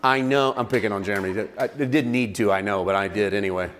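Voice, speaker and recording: A man pastor preaching a conversational sermon with lively acted-out asides. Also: fairly low pitch, fast, slight background noise. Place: church.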